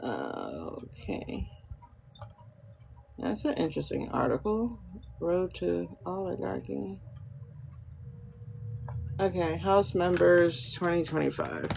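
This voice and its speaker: A woman's voice: on the low side, sing-song, slow, vocal fry, long pauses, darkish tone, a little hiss or hum. Chatty woman doing a livestream reading. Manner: muses aloud, asks herself questions and answers them; chatty, thanks viewers by name. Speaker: tarot and pendulum reader, livestream host. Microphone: phone livestream.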